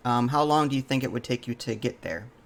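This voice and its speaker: A man's voice: medium pitch, expressive, a little fast, gravelly. Polite, hesitant man playing tabletop. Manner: polite and thoughtful, often hesitating with "um" and saying "I see". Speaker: player. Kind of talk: casual tabletop role-play chat.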